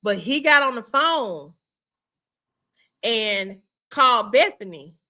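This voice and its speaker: A woman's voice: a little high, lively intonation, slow, sharp tone. A woman hosting a casual reaction show, chatty and emphatic, repeating her points. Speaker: show host.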